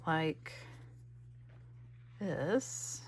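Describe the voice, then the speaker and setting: Slow-talking woman narrating her crafting. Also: low voice, animated, darkish tone, slight background noise. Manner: chatty, self-mocking, playful. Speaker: craft video host.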